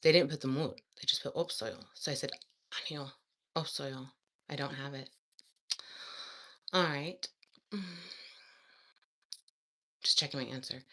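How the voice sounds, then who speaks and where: A woman's voice: extremely low pitch, quick pace, pauses often, sharp tone. A woman chatting to viewers in a casual study vlog, reading practice exercises aloud and giggling as she works. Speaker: language learner vlogger.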